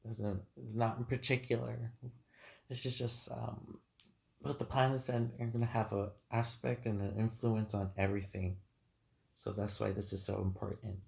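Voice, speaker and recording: A man's voice: fairly low pitch, level tone, moderate pace, vocal fry, a little mellow. A man giving an unscripted tarot reading, hesitant and full of ums, heartfelt and teary-eyed. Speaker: tarot reader.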